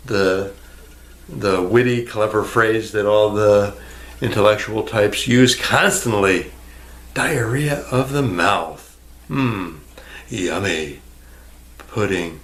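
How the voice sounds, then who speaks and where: A man's voice: mid-range voice, vocal fry. A man ranting to the camera in a rambling, sarcastic way, swearing freely and answering an imagined viewer. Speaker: vlogger. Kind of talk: rambling casual rant to camera.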